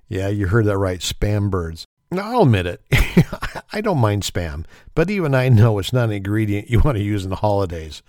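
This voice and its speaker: A man's voice: fairly low pitch, darkish tone, no echo, clean studio sound. A man hosting a casual comedy podcast, talking in a wry, sarcastic way and laughing often. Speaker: podcast host.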